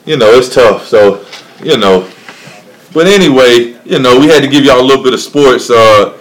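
A man's voice: medium pitch, moderate pace, rough recording. A man from North Carolina, co-hosting a casual chat and rambling with frequent restarts and laughs. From Charlotte, North Carolina. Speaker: podcast co-host.

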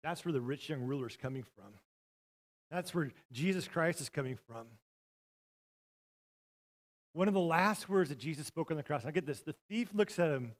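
A middle-aged man preaching a sermon, telling stories and swinging from loud, shouted passages to hushed, quiet lines. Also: on the high side, lively intonation, normal speed, pauses often. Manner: storytelling, swings from loud shouting to near-whispers. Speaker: pastor.

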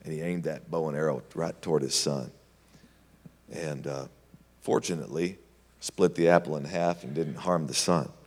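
A man preaching with a low, deep voice, shifting from loud to hushed as he tells a story. A long hall reverb follows his words. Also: moderate pace. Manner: animated storytelling, swings between loud and hushed. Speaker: pastor. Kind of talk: sermon.

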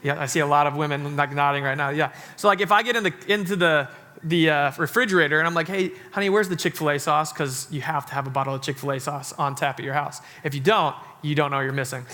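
A man in his thirties preaches to his congregation in a church, loose and joking and full of "like" fillers. His voice sits a little high and rings bright and forceful. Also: fast. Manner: chatty, joking sermon delivery with many "like" fillers. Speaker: pastor. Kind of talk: sermon. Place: church sanctuary.

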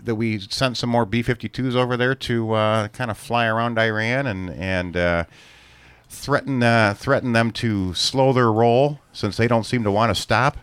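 A man co-hosting a casual talk show, speaking haltingly and often repeating words. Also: medium pitch, fairly bright tone, smooth, dry recording. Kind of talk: casual chat.

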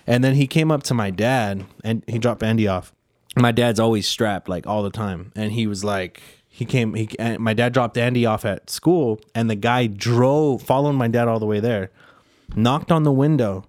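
A man's voice: mid-range voice, normal speed, darkish tone, no echo, studio quality. A young man in casual chat, swearing freely as he retells a run-in with a neighbor.

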